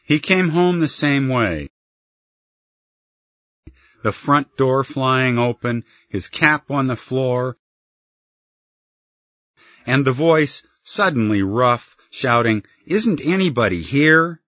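A man narrating a written story in a calm, unhurried storytelling manner. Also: mid-range voice, no room sound. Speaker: reader. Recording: slightly muffled dry recording.

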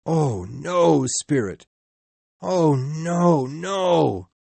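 A man's voice: mid-range voice, big pitch swings, a little slow, a little mellow, breathy edge, no room sound, heavily acted. A man reading a storybook and voicing a frightened old miser who begs and cries out. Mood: anguished. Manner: pleading, rising to anguished cries.

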